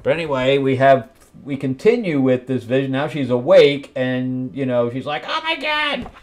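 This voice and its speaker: Brief: male host critiquing a comic, blunt and exasperated, mocking the story in quick asides. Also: mid-range voice, darkish tone. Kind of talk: comic book review.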